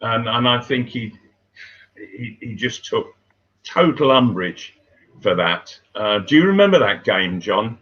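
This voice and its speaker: An older man, a former footballer, telling stories in casual chat, unhurried and halting, with many fillers and restarts. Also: medium pitch, lively intonation, fairly bright tone. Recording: dull lo-fi sound.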